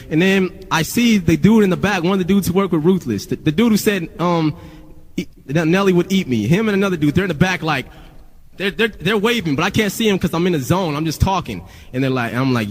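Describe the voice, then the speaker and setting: Rapper guy rambling thru a story, kinda high voice, cussing a lot, echoey reverb. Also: brisk. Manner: rambling, profane, lots of "you know". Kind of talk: casual storytelling vlog. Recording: long reverb.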